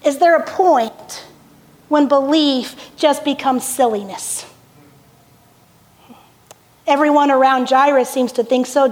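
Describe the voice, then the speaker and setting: Woman pastor, very high voice, slow deliberate sermon, rhetorical questions, long echoey hall reverb. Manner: storytelling with rhetorical questions and soft laughs.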